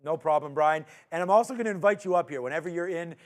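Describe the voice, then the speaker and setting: A man hosting a live market recap show, chatting casually and joking between stock calls. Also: a little high. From Canada. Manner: upbeat, joking, quick asides. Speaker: host.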